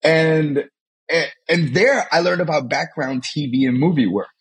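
A man's voice: measured pace, breathy edge. A man from Mexico, a guest in an interview, telling his own story animatedly with many restarts. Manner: animated, tumbling restarts, swings high when excited.

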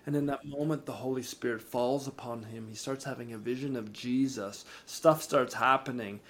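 A man, podcast co-host and ministry founder, telling a faith testimony with lively rises in energy and frequent word repeats. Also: normal speed. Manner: animated, rises in pitch and energy when excited; repeats words and restarts sentences. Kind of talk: storytelling testimony in an interview.

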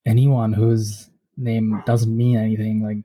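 Dark-voiced Indian man, earnest guest. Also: on the low side, little pitch movement, unhurried, breathy edge. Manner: earnest, explanatory, frequent "like" and "so". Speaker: podcast guest. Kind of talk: casual interview answers.

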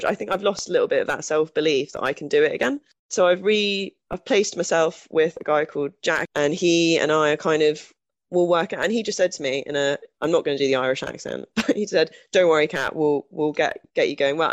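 A woman's voice: low voice, no echo. A woman guest speaking candidly in a conversational interview, chatty and self-deprecating, restarting her sentences often.

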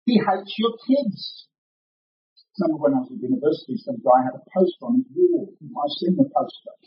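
A man's voice: fairly high pitch, big pitch swings, brisk, a little hiss or hum. A man preaching a sermon, earnest and emphatic, often repeating and restarting his words. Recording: roomy, distant, dull mic.

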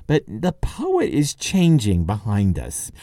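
A man's voice: on the low side, wildly swooping pitch, slow, dark tone, no echo, clean studio sound. A man hosting a podcast, giving a conversational literary lecture, thinking aloud with occasional chuckles. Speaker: podcast host and lecturer on Dante.

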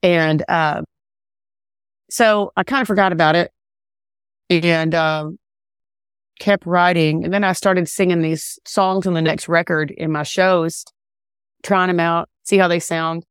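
A woman singer-songwriter talking casually in an interview, relaxed and rambling with many fillers and restarts. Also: fairly low pitch, a little slow, pauses often, smooth, no echo, studio quality. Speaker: country singer-songwriter guest.

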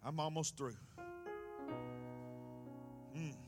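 A man preaching a sermon in a church. He swings from loud, impassioned passages to hushed ones. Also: fairly high pitch, fairly even intonation, extremely slow, loud music behind the voice. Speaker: pastor.

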